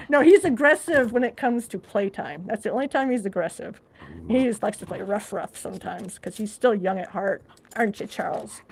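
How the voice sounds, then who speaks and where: A woman's voice: mid-range voice, normal speed, creaky, husky. A woman live streaming from her living room, chatting casually, reading viewer comments and talking to her dog. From Alaska. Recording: noisy home recording.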